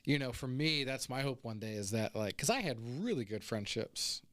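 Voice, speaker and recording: A man who leads a church kids ministry, talking earnestly and relaxed in a casual chat. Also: medium pitch, moderate pace, no room sound.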